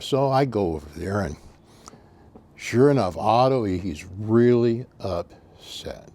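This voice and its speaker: A man's voice: lowish voice, animated, unhurried, pauses often, mellow. An older man telling a story in a folksy, meandering, earnest way as host of his own channel. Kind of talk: casual storytelling.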